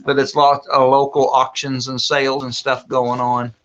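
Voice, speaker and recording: In casual chat on a homestead livestream, a male co-host reads viewer comments aloud and answers questions in an easygoing, folksy manner. His medium-pitched voice moves little in pitch at a moderate pace, and the muffled recording has a noisy background.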